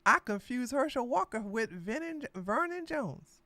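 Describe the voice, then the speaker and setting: Chatty woman, bright voice. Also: on the high side, sing-song, a little slow, no room sound. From Georgia, USA. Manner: rambling, chatty, talks straight to the chat. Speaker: podcast host. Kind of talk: casual political chat livestream.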